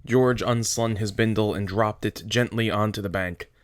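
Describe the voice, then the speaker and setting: A male teacher reading a novel aloud to his class in a steady, plain storytelling manner. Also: lowish voice, moderate pace, dry recording, studio quality.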